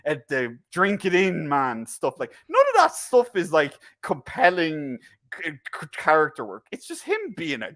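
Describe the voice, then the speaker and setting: An Irish man talking wrestling in a loose, casual chat. His pitch swings widely and sits a touch high for a man. He rambles, swears freely and restarts his sentences. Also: moderate pace. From Ireland. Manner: animated, swearing, restarts and tangents. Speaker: guest wrestling pundit.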